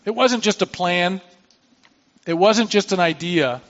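A high-pitched, fairly bright-toned pastor delivers a sermon at a slightly slow pace, and the audio is dull. He reads a scripture passage and explains it in a conversational way, with asides and restarts.

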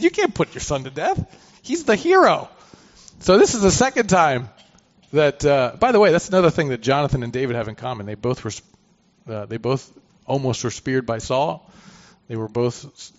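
A man teaches through a Bible passage, reading verses aloud and commenting conversationally with asides. His fairly high voice is lively in intonation and a little fast, captured on a dull lo-fi recording.

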